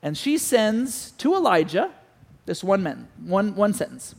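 A man preaching a sermon, telling a story with animated delivery and putting questions to the listeners. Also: sits high, unhurried, creaky, big-room sound. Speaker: pastor.

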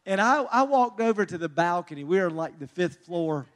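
A man's voice: high-pitched, lively intonation, a little fast, soft background music. A man speaking at a marriage conference, telling his own story with self-mocking humor and laughing between lines. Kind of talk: humorous personal testimony talk.

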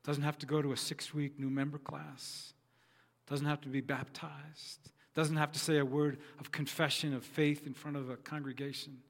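Male pastor, sermon delivery, earnest and repetitive, somewhat higher voice, reverberant sanctuary. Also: flat delivery, moderate pace, gravelly. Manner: earnest storytelling with repeated phrases.

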